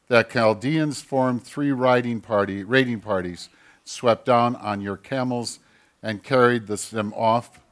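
A male pastor giving a sermon, reading scripture aloud with loud emphatic peaks and quiet asides, often clearing his throat and correcting himself. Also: medium pitch.

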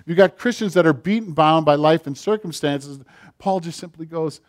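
A middle-aged man preaching a sermon, rising to loud passages and dropping to near-whispers. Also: a little high, moderate pace. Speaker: pastor.

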